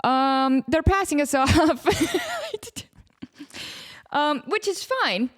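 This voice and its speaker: A woman podcast host telling a comedic story, self-deprecating and acting out quotes in an animated way. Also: high-pitched, very slow. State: out of breath.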